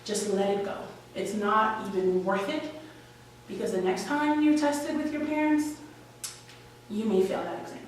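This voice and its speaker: A little slow and medium in pitch, a young New York woman from Washington Heights relates an emotional, wry and candid personal story at a live story slam. The sound is echoey from a distant mic, with faint ambience and slight background noise.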